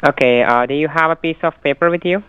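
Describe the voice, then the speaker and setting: A man's voice: a little high, fast, a bit bright, clear, resonant tone, dry recording. A man on a scam call, giving insistent, repetitive instructions. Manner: insistent, repetitive, formulaic phrasing. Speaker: scam caller. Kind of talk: phone call. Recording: muffled dry phone line.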